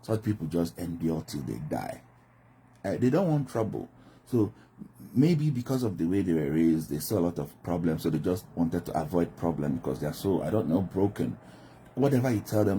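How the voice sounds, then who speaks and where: A man's voice: low voice, big pitch swings, normal speed, mellow, a little hiss or hum. A man from Nigeria giving a reflective monologue about communication styles, often acting out quoted voices. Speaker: commentator.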